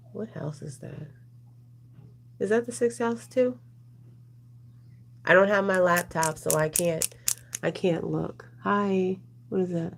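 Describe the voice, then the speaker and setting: A woman's voice: low-pitched, gravelly, a little hiss or hum. A woman doing a casual, rambling oracle card reading, chatting with her viewers as she goes. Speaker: tarot reader.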